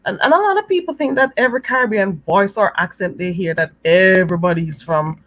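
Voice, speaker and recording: A woman's voice: medium pitch, a little fast, no room sound, muffled recording. A Jamaican woman hosting a live stream, chatting casually with viewers, laughing often and calling them "girl.". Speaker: livestream host. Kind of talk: live-stream chat reading comments.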